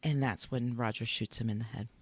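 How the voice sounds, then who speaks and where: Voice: mid-range voice, steady tone, a little fast, breathy edge, dry recording. A podcast co-host in casual chat, retelling TV scenes with a lot of emotion. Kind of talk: casual chat about a TV episode.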